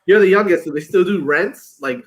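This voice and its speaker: Man, slightly high pitch, curious questioning banter, casual podcast chat. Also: fairly quick, a loud crowd. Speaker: podcast co-host.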